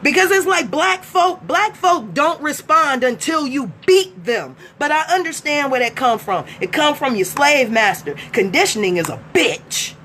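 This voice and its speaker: High-voiced woman ranting bluntly. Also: expressive, unhurried, few pauses, slight background noise. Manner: blunt, profane, emphatic, swings to shouting. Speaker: live streamer. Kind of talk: profane ranting monologue.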